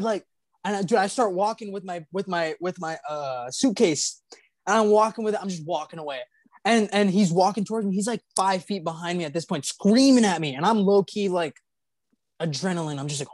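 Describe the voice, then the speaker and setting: A young podcast host with a high, expressive voice at normal speed casually tells a story, laughing as he retells it. It's rambling and heavy with fillers and restarts, in a dry recording.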